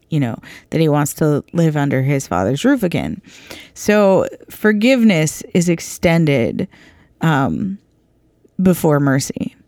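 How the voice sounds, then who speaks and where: A woman giving an informal, earnest bible teaching, halting with many restarts. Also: fairly low pitch, darkish tone, no room sound, studio quality.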